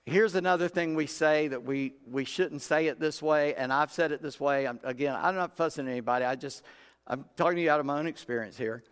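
A man's voice: on the high side, a little fast, clear, resonant tone. A man preaching a sermon in a folksy, conversational way, acting out Bible characters in everyday talk. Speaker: pastor. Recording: long reverb of a large room.

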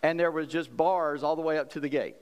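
A man's voice: fairly high pitch, fairly even intonation, brisk, clear, resonant tone. A man from South Carolina, preaching a sermon in a folksy, conversational way as pastor. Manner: folksy, conversational preaching with laughs and acted quotes. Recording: long hall reverb.

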